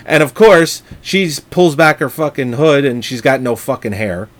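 A man's voice: mid-range voice, animated, moderate pace. A man in casual, profane chat, rambling as he retells a film scene by scene.

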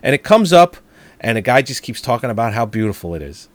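A man's voice: medium pitch, big pitch swings, fast, no room sound. A man in casual chat retelling film scenes in a laid-back way. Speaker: podcast co-host.

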